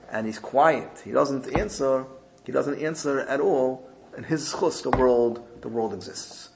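A man's voice: medium pitch, slight background noise. A man teaching a Torah class, earnest and repeating phrases for emphasis, mixing in Hebrew and Yiddish terms. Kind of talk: Talmud class.

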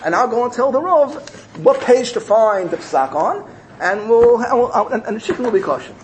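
Brief: a man playing a pleading seven-year-old girl, high and lively. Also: quick pace, a little hiss or hum, close to an everyday voice, rough recording. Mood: eager pleading.

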